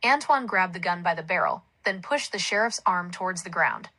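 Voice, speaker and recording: A woman narrating a story aloud in a plain, even storytelling manner. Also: lowish voice, brisk, poor audio.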